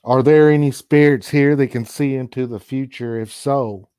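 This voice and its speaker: A man's voice: medium pitch, steady tone, normal speed, mellow, clear, resonant tone, no echo, studio quality. A man from Chicago hosting a paranormal livestream, chatting casually and laid-back with viewers and calling on spirits. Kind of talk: casual live chat.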